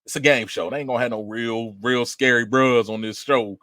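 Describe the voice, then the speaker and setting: A man co-hosting a podcast in casual chat, animated and slangy, laughing often. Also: medium pitch, a little fast. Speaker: podcast co-host.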